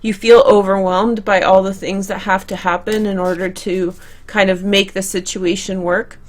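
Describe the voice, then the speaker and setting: A woman's voice: medium pitch, flat delivery, moderate pace. A young woman reading tarot cards for her viewers in a chatty, conversational way, often restarting and correcting herself. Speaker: tarot reader. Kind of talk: tarot card reading to camera.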